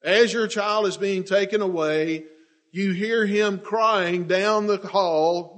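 A man preaching a sermon with passion, swinging between loud declarations and hushed, drawn-out words. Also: high-pitched, fairly even intonation.

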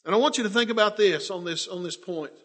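A man preaching a sermon with passion, swinging between loud declarations and hushed, drawn-out words. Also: sits high.

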